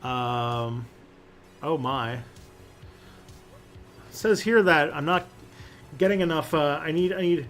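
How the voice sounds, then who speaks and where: A man's voice: on the high side, slow, pauses often, fairly bright tone, soft background music. A man hosting a casual livestream and answering chat questions, rambling with lots of fillers and restarts.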